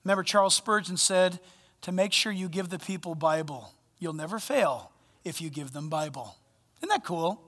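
A male pastor preaching a sermon, animated and playful, swinging between loud bursts and hushed asides. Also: sits high, normal speed, long reverb tail. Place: church sanctuary.

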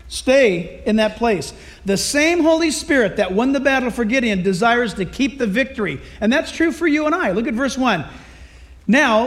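High-voiced animated male preacher. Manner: animated, acts out voices of Bible characters. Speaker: pastor. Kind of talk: sermon.

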